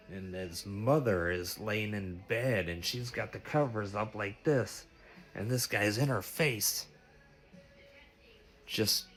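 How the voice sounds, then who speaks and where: A man with a lowish voice recounts a bizarre dream in loose, casual storytelling. He stumbles and restarts, swears freely and keeps an animated, breathless drive. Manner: animated, profane, breathless retelling.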